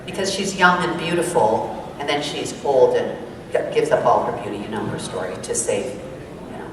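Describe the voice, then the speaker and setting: A woman voice actor telling a lively, excitable story on a convention panel, jumping into sudden high exclamations. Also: moderate pace, background noise. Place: large convention hall. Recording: echoey convention hall, distant mic, crowd.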